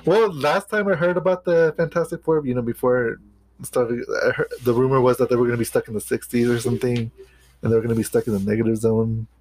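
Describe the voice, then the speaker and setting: A man's voice: medium pitch, little pitch movement, fast talker, darkish tone. A man co-hosting a podcast in casual chat, rambling and hesitant with many restarts. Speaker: podcast co-host.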